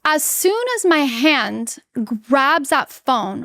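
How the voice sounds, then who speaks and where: Woman in her 30s, guest on a podcast, kinda high voice, dry close sound, talks openly. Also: lively intonation, very slow, few pauses, bright, forceful tone, dry recording. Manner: candid, earnest, acts out her own quoted lines. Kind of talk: personal storytelling interview.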